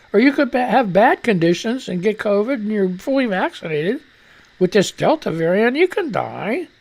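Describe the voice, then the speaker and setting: Reading the news on a live radio show, a man with a very high yet gravelly, rough voice launches into profane, irritable rants, all unscripted. He fusses and grumbles at his studio microphone, moving toward and away from it so his volume keeps jumping.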